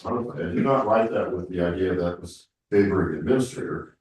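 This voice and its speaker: A man with a very low, congested voice leads a town board discussion, circling back and restarting his sentences. He sounds far from the mic, and a heavy room echo hangs on every word. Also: fast talker, darkish tone. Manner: rambling, full of restarts. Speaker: board member leading a town meeting. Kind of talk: public meeting discussion.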